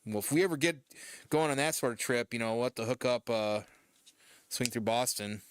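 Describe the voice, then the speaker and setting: A man's voice: medium pitch, a little fast, clean tone, dry recording, clean studio sound. A man from Michigan streaming casual chat while painting, rambling loosely and swearing now and then. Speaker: streamer host.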